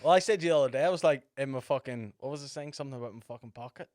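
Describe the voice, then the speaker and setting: Loud, joking male livestream co-host. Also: medium pitch, very fast. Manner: loud, joking, swears often. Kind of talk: casual livestream chat.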